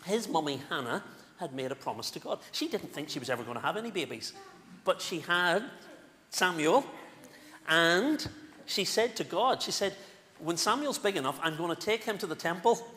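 A male minister with a Northern Irish accent, giving an animated, playful children's talk in a church service. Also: fairly high pitch, normal speed. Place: church sanctuary. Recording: echoey church with faint room noise.

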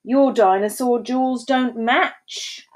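A woman voicing a haughty, romantic male dinosaur duke in a storybook read-aloud, declaring in a drawn-out, lordly way. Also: on the high side, darkish tone, voice pushed up. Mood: dismissive.

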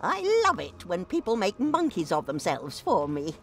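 An actress voicing a sharp-tongued, eccentric old woman in a video game, speaking in a haughty, dramatic way. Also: on the low side, sing-song, normal speed, soft background music. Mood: dry. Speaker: game character.

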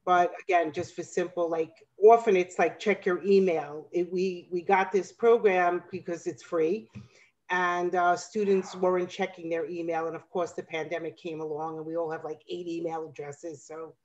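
A woman's voice: fairly low pitch, steady tone, normal speed, darkish tone, lo-fi sound. A woman school counselor talking casually and apologetically to parents on a call.

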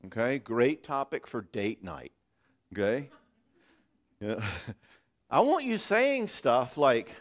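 A man's voice: medium pitch, sing-song, takes it slowly, long pauses. A man giving a marriage conference talk in a church, conversational and joking.

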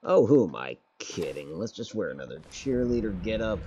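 Male game streamer, lively low voice, loose and swearing, game gunfire behind. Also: moderate pace, slight background noise. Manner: rambling, self-correcting, swears casually. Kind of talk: casual gameplay commentary. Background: game gunfire and artillery.

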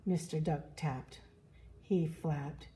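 A woman reading a children's picture book aloud, animated and expressive, doing voices for the animals. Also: low-pitched, slow pace. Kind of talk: children's story read-aloud.

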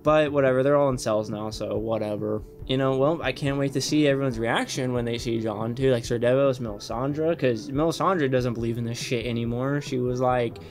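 A man's voice: mid-range voice, fairly quick, hardly any pauses. Young man, reaction host, casual rant, heavy swearing, faint music behind. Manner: excitable, swears a lot, rambling. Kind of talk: casual commentary.

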